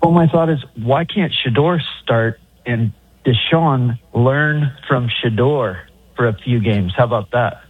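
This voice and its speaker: A man's voice: mid-range voice, measured pace, husky, no room sound. A man calling in to a sports radio show, rambling hesitantly through his opinion. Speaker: caller. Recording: dry phone line.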